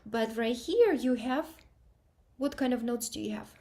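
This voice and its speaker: Encouraging piano teacher, higher mellow voice. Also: female voice, measured pace. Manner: encouraging, sings out rhythms to demonstrate. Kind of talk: online group piano lesson feedback.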